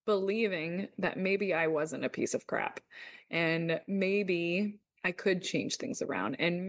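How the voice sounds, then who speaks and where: Podcast host, female, 30s, candid confessional storyteller, lower register, dry booth sound. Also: no echo. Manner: candid, confessional, uses "like" often. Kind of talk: personal storytelling monologue.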